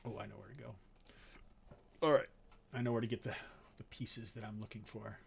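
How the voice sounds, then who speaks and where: A man narrating as game master of a tabletop game, thinking aloud with frequent pauses and fillers. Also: fairly low pitch, fairly even intonation, gravelly, slight background noise.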